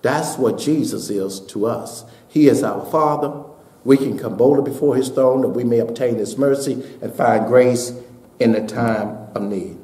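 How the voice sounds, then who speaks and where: A man preaching a sermon as pastor, building to shouted peaks and dropping to a hushed voice for a story. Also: medium pitch, measured pace, reverberant. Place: church sanctuary.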